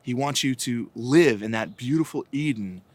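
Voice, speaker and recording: A man's voice: mid-range voice, normal speed. A man, a church evangelization director, giving an informal faith reflection that opens with a family story, talking casually with many asides. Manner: conversational, anecdotal, frequent "right?" and "like".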